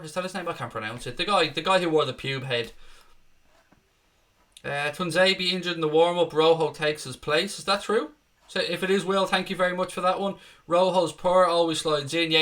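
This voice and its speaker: A man's voice: fairly high pitch, sharp tone. A man hosting a casual live stream, chatting, swearing freely and reading out viewer comments.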